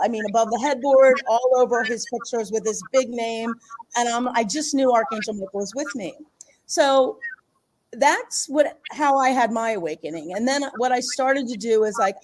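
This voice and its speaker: Middle-aged philly-area woman telling a story, kinda high voice, laughs a lot, acts out the quotes. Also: normal speed, darkish tone, low-quality recording. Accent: Philadelphia area. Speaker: podcast guest. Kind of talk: casual storytelling.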